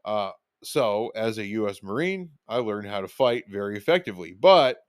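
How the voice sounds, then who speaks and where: Telling personal stories as a podcast host, this man rambles casually, leaning heavily on fillers and restarts while reenacting the lines he said back then. His voice is on the low side and expressive, at a normal pace. The recording is dry with clean studio sound.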